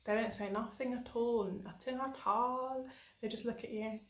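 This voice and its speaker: A woman's voice: fairly high pitch, moderate pace, reverberant. A woman from England chatting casually in a travel diary vlog, telling stories with lots of fillers. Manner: chatty, animated storytelling with many fillers. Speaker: travel vlogger.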